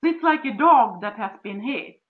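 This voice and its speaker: Swedish-accented woman coaching, lively pitch. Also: moderate pace. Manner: acts out dialogue with sweet cooing voices. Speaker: relationship coach. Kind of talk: instructional conversation. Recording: dull lo-fi sound.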